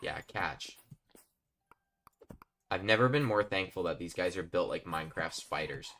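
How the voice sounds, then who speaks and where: Man, gaming streamer, casual rambling chat, lowish pitch, bright forceful tone. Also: a little slow, a little hiss or hum. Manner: chatty, rambling, talks to chat while playing. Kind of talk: casual live-stream gameplay commentary.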